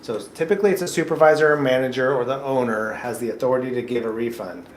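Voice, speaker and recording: A fast-talking man with a mid-range voice offers job seekers patient, upbeat advice during a mock interview, keeping it casual and full of jokes. The setting is an indoor coffee shop whose room echoes, with slight background noise.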